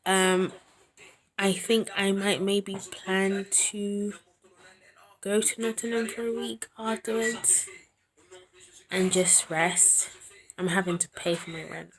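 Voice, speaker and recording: A young woman, a university student talking through her worries in a casual video diary, earnest and anxious, often slipping into a soft near-whisper. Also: medium pitch, steady tone, takes it slowly, long pauses. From England. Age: young adult. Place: at home indoors.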